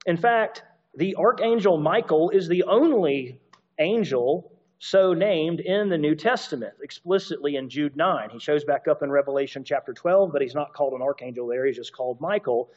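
A man's voice: on the high side, normal speed, muffled recording. A man preaching a sermon, explaining scripture in a conversational teaching manner with asides and repeated points. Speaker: pastor.

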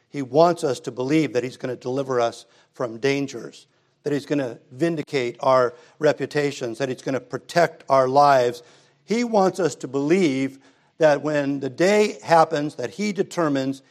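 A middle-aged man preaching a sermon in a church, easygoing and conversational, rising to emphatic passages. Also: mid-range voice. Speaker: pastor. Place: church sanctuary.

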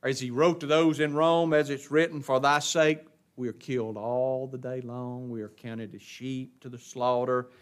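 A man preaching a sermon, asking rhetorical questions and answering them, swinging from hushed drops to emphatic bursts. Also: medium pitch, fairly even intonation, normal speed, few pauses.

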